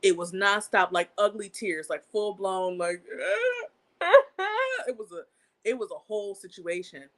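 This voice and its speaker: Animated woman, outraged storytelling host. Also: normal speed. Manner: animated, swears freely, pitch jumps up when outraged. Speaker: channel host. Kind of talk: casual live-stream storytelling.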